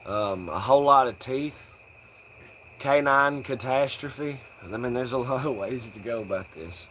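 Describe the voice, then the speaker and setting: A man's voice: medium pitch, a little slow, a bit bright, slight background noise, poor audio. Joking, profane young man streaming. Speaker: livestream host. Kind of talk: casual live-stream banter. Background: crickets.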